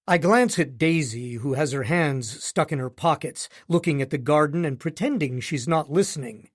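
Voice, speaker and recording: A man's voice: a little high, animated, normal speed, hardly any pauses. A man narrating a romance audiobook in first person with a wry, smug, joking manner.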